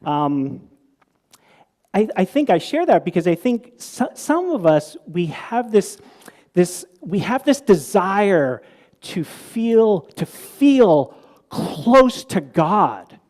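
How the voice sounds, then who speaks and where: A man's high, sing-song voice, darkish in tone and slow in pace, carries a conversational sermon before a live audience. As a preacher, he tells stories with frequent restarts and repetitions, then turns questions to the crowd.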